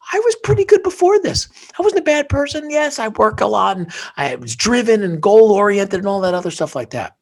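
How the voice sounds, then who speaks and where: A man, a guest, telling a personal story with feeling, dropping to hushed near-whispers and rising to intense emphasis. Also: medium pitch, slightly rough.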